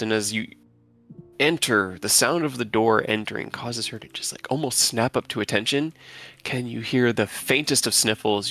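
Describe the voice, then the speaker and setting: A man's voice: fairly low pitch, pushed and bright. A man narrating as game master in a tabletop game, loose and conversational with fillers.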